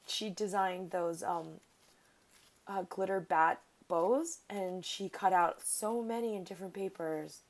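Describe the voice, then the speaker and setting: A woman's voice: medium pitch, slow pace. A woman vlogger chatting casually while opening a craft mail package, gushing over each item and talking to the sender. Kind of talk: casual unboxing chat.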